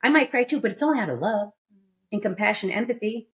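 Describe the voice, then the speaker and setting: A woman's voice: medium pitch, animated, fast talker, a bit bright. A woman hosting a studio podcast, talking candidly and emphatically in casual chat. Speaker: podcast host.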